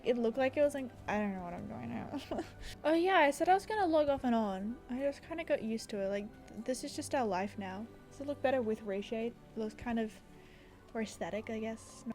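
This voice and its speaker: A woman chatting casually over her gameplay, giggly, rambling and often apologetic. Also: sits high. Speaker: gaming YouTuber.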